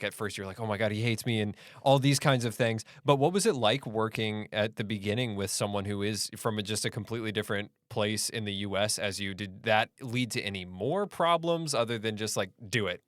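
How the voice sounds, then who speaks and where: A man from the Midwest hosts a relaxed interview, tossing in jokes between his questions. His voice sits a little low. The sound is close and dry. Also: normal speed, few pauses, dry recording. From American Midwest. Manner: friendly, joking interjections. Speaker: podcast host. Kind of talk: casual interview.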